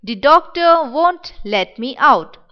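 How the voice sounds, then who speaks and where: A woman reading the part of a sick, wistful young village boy in a dramatic play reading, in a gentle, wondering manner. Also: high voice, animated, slow pace, muffled recording.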